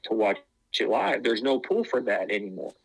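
In this rough, echo-free recording, a lowish male voice swings widely in pitch and carries vocal fry at a moderate pace. He's a podcast co-host and former wrestling tryout, chatting casually and rambling with frequent fillers and restarts.

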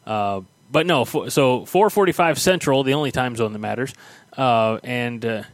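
Man podcast host, casual chat, halting and rambling, dry close sound. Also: mid-range voice, no room sound. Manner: rambling, hesitant with many fillers. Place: home.

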